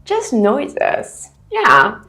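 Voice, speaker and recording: A woman teacher reads out a listening quiz in a careful, deliberate way. Her pitch sits a little high and moves a lot, and she speaks slowly so learners can follow. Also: wildly swooping pitch, bright, forceful tone, soft background music. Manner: careful, deliberate reading of example sentences. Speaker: English teacher. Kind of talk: slow, clear quiz narration for learners.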